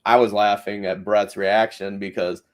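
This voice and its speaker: A man's voice: lowish voice, little pitch movement, moderate pace. A man hosting a podcast, recapping a reality show in rambling casual chat full of fillers. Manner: rambling, many fillers and restarts. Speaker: podcast host.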